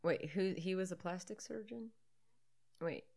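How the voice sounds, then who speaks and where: A woman's voice: fairly low pitch, unhurried, gravelly, dark tone. A woman co-hosting a podcast, chatting casually and sarcastically about a movie, laughing often. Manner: giggly, sarcastic, riffing with frequent laughs. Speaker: podcast co-host. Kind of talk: casual movie commentary chat.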